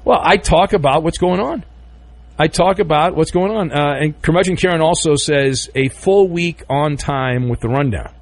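Speaking at normal speed in a slightly high voice, a sports talk radio host keeps things loose between listener notes and calls. He jokes around and rambles, using plenty of fillers.

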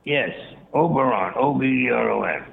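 A man's voice: medium pitch, normal speed, gravelly. A man calling in to a radio show, emphatic and scornful. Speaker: caller. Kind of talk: phone-in caller. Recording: tinny phone line.

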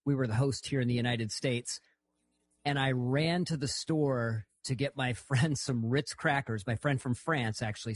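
A man's voice: mid-range voice, dry recording. A man co-hosting a casual talk show, telling an anecdote at an easy pace. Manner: relaxed anecdotal storyteller.

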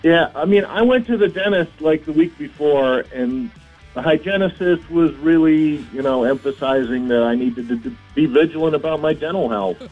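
A man's voice: a little high, normal speed, soft background music. A man on a radio show call, hesitant and sheepish. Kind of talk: phone call on air. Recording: tinny phone line.

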